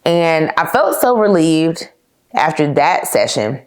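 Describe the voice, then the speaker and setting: This young podcast host has a low voice and is very animated, though she takes it slowly. She tells her own story in a chatty, candid way, addressing listeners as "y'all," laughing at times and using "like" frequently.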